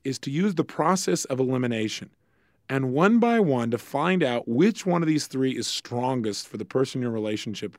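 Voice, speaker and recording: A man's voice: a little high, no room sound, studio quality. A man giving a motivational lecture on relationships, acting out short dialogues in a raised voice. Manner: lively, acts out little dialogues with raised voice. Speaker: relationship speaker.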